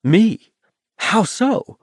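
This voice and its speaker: An eager, playful young man, voiced by an audiobook narrator, talks in a bright, teasing tone. His pitch jumps about, and the sound is dry and close. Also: sing-song, extremely slow, dry recording, heavily acted.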